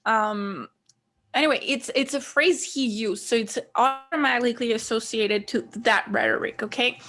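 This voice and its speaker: A woman's voice: a little high, normal speed, fairly bright tone. A young woman from Greece chatting casually on a podcast, telling a story with lots of fillers and laughs. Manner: storytelling with many likes and laughs. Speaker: podcast co-host. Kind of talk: casual chat.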